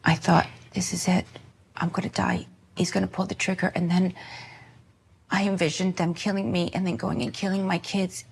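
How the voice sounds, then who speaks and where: A woman in her forties telling a frightening story in an animated way, at times dropping to a whisper. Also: on the low side, moderate pace, gravelly, slight background noise. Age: 40s. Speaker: reality show cast member. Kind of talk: emotional retelling in a reunion talk.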